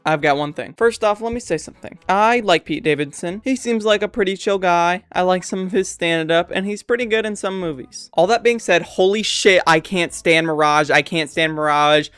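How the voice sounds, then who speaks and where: A man's voice: sits high, brisk, few pauses, a bit bright, clean tone, no room sound, soft background music. A young man giving casual, blunt movie review commentary with a sarcastic edge.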